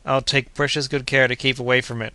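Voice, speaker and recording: A man voicing a skeptical, stubborn gentleman hunter who refuses bluntly and doubts everything in an audiobook. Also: mid-range voice, flat delivery, a little fast, no room sound, lightly acted.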